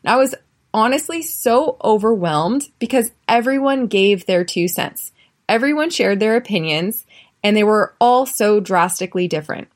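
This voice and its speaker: This podcast lesson features an American English teacher, a woman whose mid-range voice sounds animated as she recounts personal stories. She slowly and clearly drills repeat-after-me phrases, keeping a chatty tone and frequently tagging on "right?".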